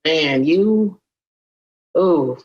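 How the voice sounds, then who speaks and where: A woman's voice: sits low, animated, extremely slow, a little mellow, muffled recording, a little hiss or hum. Blunt, teasing woman podcast co-host. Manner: blunt and teasing, cracks jokes. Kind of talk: casual chat.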